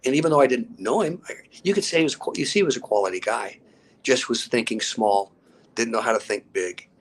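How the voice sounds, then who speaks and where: An older man, a grandfather and fitness coach, is a guest in an interview, telling stories energetically and acting out both sides of conversations. His mid-range voice moves fairly quickly, with a little hiss or hum in the audio.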